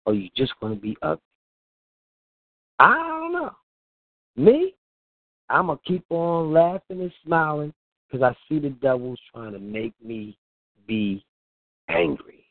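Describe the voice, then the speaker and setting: A man's voice: medium pitch, no echo. A man hosting a radio show, giving casual, preachy talk in a colloquial manner and laughing often. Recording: tinny phone-like line, dry.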